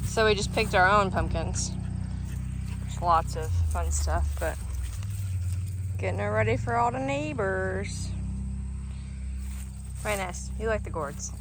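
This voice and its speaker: A woman's voice: medium pitch, takes it slowly, long pauses. A woman in her twenties, a farmer, chatting casually and upbeat to the camera outdoors on her farm, with self-mocking asides. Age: 20s. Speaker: farmer and vlogger. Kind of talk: casual vlog narration. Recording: outdoor recording with clear background noise.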